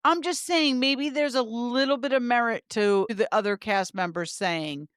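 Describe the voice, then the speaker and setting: A woman's voice: a little high, fairly bright tone, clean tone, no echo, studio quality. Frank woman podcast co-host from New Jersey. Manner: frank, emphatic, quick to agree. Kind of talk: casual chat.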